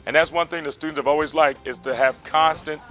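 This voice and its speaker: A man teaching medical exam material and describing his prep program, animated and vivid, acting out heart sounds. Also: fairly high pitch, fast, faint music behind. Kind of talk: lecturing and promotional interview.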